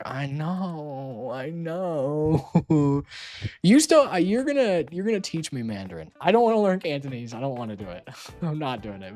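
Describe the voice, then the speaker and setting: A young adult streamer talks in a loose, casual chat, teasing and laughing often and swearing now and then. The pitch swings widely up and down while staying in a middle register. Faint music plays quietly underneath.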